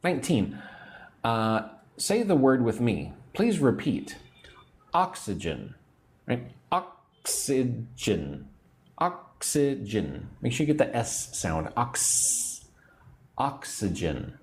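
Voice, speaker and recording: Man, english teacher, slow, lively pitch, patient, repeats words, sleepy. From United States. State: sleepy, yawning. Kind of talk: livestream English lesson.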